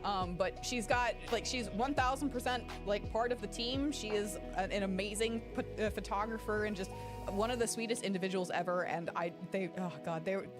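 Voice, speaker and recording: A woman chatting casually during a game playthrough, rambling and swearing freely, with big animated swings in her voice as she tells a story. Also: mid-range voice, normal speed. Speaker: gaming YouTuber. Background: game music.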